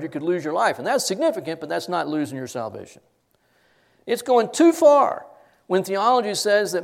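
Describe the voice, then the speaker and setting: A middle-aged man delivering a sermon in a somewhat high voice. He preaches emphatically, pushing his voice up for stress and letting it fall to near quiet. The tone is insistent and direct. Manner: emphatic, rises and drops sharply for stress. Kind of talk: expository sermon.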